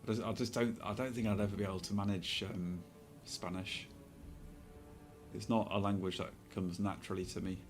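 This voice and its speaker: A soft-spoken British man with a fairly low voice chats casually on a live stream and drifts from one tangent to the next. Faint music plays behind him. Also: little pitch movement, a little fast. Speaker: Twitch streamer. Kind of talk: casual chat while streaming.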